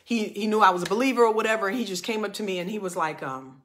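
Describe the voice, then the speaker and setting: A woman in her forties coaching married couples in a fervent preaching style. She reads scripture loudly and drops into low, earnest talk. Her voice sits at a middling pitch. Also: very fast. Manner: fervent and emphatic, swinging from loud reading to low earnest talk.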